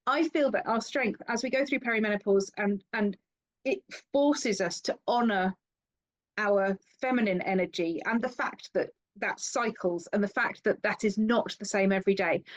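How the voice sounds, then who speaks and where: A woman's voice: medium pitch, moderate pace, rough recording. A woman hosting an interview, speaking in an earnest, reflective way. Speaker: interviewer, host. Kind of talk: conversational interview.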